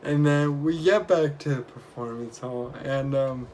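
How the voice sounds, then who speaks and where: A young man vlogging, casually retelling his week with lively quoted bits of dialogue. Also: mid-range voice, unhurried, a little hiss or hum. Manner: chatty, animated retelling with acted quotes. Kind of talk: casual storytelling vlog.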